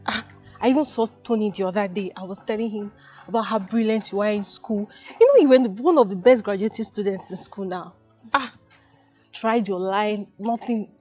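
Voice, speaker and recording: A woman playing a sympathetic friend who soothes a grieving woman, repeating gentle reassurances. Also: medium pitch, normal speed, faint music behind, close to an everyday voice. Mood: consoling. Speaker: actress in a film. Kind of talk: film drama acting.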